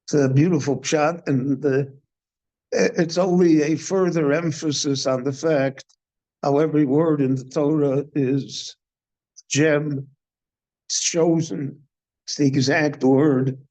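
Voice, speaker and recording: An older man, a rabbi, giving a slow, deliberate Torah class in a synagogue, posing questions and then answering them. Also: on the high side, fairly even intonation, dark tone. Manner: measured teaching, poses questions and answers them.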